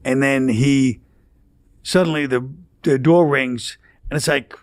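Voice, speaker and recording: A man recalling an anecdote in casual chat, halting and full of restarts. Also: mid-range voice, fairly even intonation, no echo, studio quality. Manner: halting, with many fillers and restarts.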